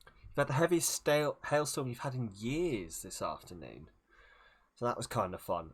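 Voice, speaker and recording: A man's voice: on the low side, lively intonation, fairly quick, breathy edge. Chatty man streaming a game. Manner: chatty, self-deprecating, jumps between topics. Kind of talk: casual gaming stream chat.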